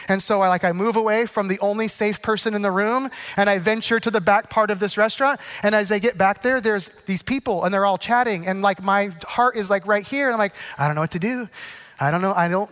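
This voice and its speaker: Pastor guy w a pretty high voice, chatty storytelling sermon, gets earnest. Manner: animated, self-deprecating storyteller turning earnest and slow.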